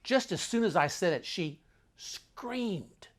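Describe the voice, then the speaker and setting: An older man telling a travel story with dramatic, animated delivery that swings between loud and hushed. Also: sits high, slow pace.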